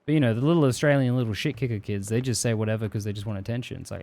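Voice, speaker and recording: A man's voice: mid-range voice, very fast, hardly any pauses, a little mellow. A man streaming live, chatting casually and swearing freely as he reads viewer messages aloud and jokes about them.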